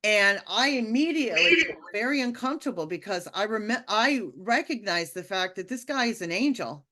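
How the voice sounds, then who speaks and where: A woman casually telling a personal spiritual story, animated and acting out the quotes, often laughing. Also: mid-range voice, normal speed. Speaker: podcast guest telling a testimony.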